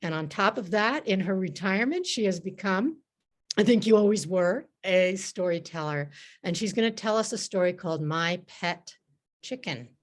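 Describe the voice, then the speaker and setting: A woman hosting a storytelling event briefly introduces the next teller. She speaks in a warm, informal way. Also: mid-range voice, moderate pace.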